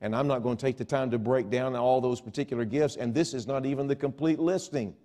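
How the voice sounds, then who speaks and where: An evangelist delivers a revival sermon in a church, his voice sitting at an ordinary middle pitch. He talks in a conversational way and voices the doubts of imagined listeners. Then he builds to loud, ringing exhortations. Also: fast talker. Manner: animated, swings from soft asides to loud exhortation. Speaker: evangelist preacher. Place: church sanctuary.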